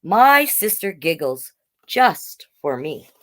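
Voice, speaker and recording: A woman reading picture books aloud to children, with chatty, animated asides to the viewers. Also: fairly low pitch, slow. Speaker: storytime reader.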